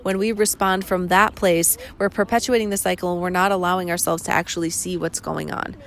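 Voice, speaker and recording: A woman's voice: on the low side, level tone, a little fast. A woman in her thirties hosting a solo podcast, talking candidly and reflectively, often quoting the questions she asks herself. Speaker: podcast host. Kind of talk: casual solo podcast talk.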